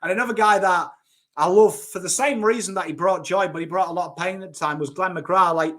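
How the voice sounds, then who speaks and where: A man's voice: high-pitched, brisk, a bit bright. A man in his thirties with a Yorkshire accent, chatting casually and enthusiastically about cricket, blunt and a bit sweary. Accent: Yorkshire English. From Northern England. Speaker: cricket YouTuber. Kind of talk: casual chat.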